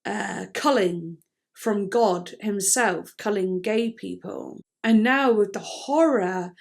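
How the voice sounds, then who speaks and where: A young woman hosting a music reaction video, talking casually and candidly, swearing freely and thinking out loud with plenty of fillers. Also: mid-range voice, slow, vocal fry.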